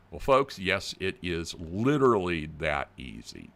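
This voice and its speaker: An older man talks straight to his viewers in a plain-spoken, animated way. His voice is deep and gravelly, and his pitch rises and falls a great deal. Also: measured pace. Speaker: channel host. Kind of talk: casual video commentary.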